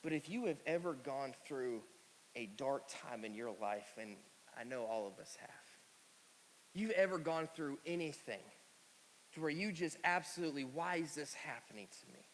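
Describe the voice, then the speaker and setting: Emphatic high-voiced male preacher. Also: animated, a little hiss or hum. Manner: emphatic, repeats phrases for effect, slows down on key words. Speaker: pastor. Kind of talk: sermon. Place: church sanctuary. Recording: long reverb of a church hall.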